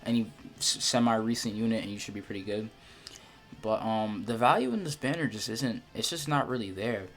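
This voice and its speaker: A man's voice: on the low side, brisk, a bit bright, soft background music. A young man giving unedited, casual commentary on a mobile game, rambling with many restarts, repeated words and fillers. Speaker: gacha game video creator.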